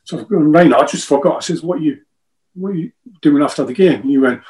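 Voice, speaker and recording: A man's voice: on the high side, expressive, a little fast, a little mellow, rough recording. A man, a former footballer telling rambling, joking stories in an interview and often repeating himself. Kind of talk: casual interview chat.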